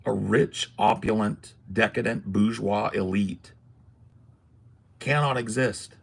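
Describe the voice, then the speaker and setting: Podcast host, male, low husky gravelly voice, emphatic ranter who swears. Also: slow pace. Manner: emphatic, ranting, swears freely. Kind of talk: casual political podcast talk.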